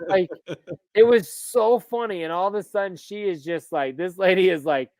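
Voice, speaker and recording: Casual male co-host in his thirties, animated storyteller with a slightly high voice, dry close recording. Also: normal speed, dry recording. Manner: animated storyteller, laughs often, swears freely. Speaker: podcast co-host. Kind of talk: casual chat.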